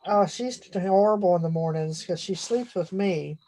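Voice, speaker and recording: A woman's voice: fairly low pitch, moderate pace, warm tone. A woman on a chat panel telling chatty stories with little laughs in between. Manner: storytelling, laughing between lines. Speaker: panel co-host. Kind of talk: casual chat.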